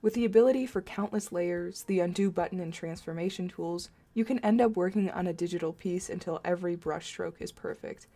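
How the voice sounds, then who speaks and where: A woman's voice: fairly low pitch, brisk, hardly any pauses, mellow. A young woman narrating a scripted art video in a playful, mock-dramatic and sarcastic way.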